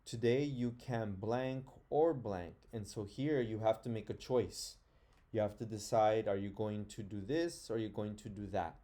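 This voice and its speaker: A man's voice: fairly low pitch, normal speed, dark tone. A middle-aged man teaching an online grammar lesson, patiently sounding out words and thinking aloud.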